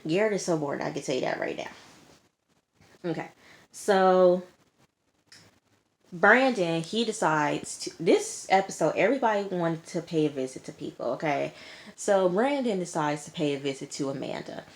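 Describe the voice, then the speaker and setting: Indoors, with sirens audible outside, a woman recaps and comments on a reality TV show in a casual, emphatic manner. She repeats herself often and says "like" and "okay" a lot, speaking at a moderate pace with lively intonation in a lowish voice.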